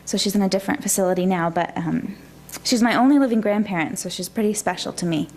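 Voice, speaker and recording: A woman minister preaching a gentle, reflective sermon in a church. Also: medium pitch, fast.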